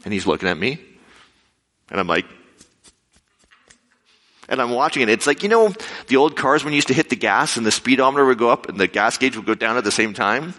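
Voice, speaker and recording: A man telling a lively story in a sermon, acting out his own quoted lines with sudden leaps in pitch. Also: a little fast, long pauses. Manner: animated, acts out quotes with big pitch jumps. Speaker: preacher. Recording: echoey hall with long reverb.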